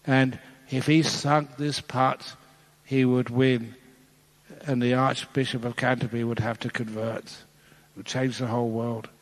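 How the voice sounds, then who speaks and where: A male Buddhist monk gives a dharma talk, telling a playful story and chuckling at his own jokes. His voice is mid-pitched for a man, his delivery flat and a little slow, and a long reverb from a large hall rings around it.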